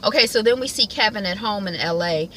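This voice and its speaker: A woman's voice: mid-range voice, expressive, fairly quick, pushed and bright, slight background noise, low-quality recording. A woman at home giving a casual, colloquial recap of a TV episode, chatting and acting out the characters' lines. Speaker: TV recap vlogger.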